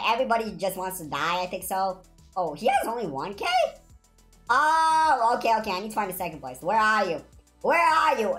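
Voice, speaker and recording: A woman giving excited commentary on her video game play, shrieking whenever she wins or loses. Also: on the low side. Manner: excitable, shrieks when winning or losing. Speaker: gaming YouTuber.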